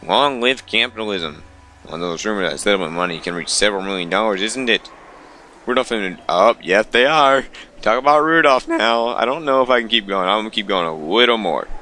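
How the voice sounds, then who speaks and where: A man's voice: fairly low pitch, expressive, fairly quick, bright, forceful tone, slight background noise. A young man reading a visual novel aloud, stumbling over lines and breaking off for wry asides. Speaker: let's player.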